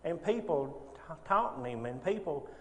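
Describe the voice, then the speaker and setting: A man leads an informal Sunday Bible class in a slightly higher voice, pausing and restarting often and closing points with rhetorical tag questions. His voice carries a long reverb in a church classroom. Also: lively intonation.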